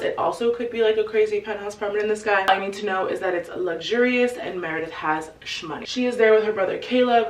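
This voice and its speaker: A woman casually retelling a book's plot to her viewers in a chatty, animated way, full of "like"s and an occasional curse word. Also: lowish voice, far from the mic. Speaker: book recap video host. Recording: echoey room, voice away from the mic.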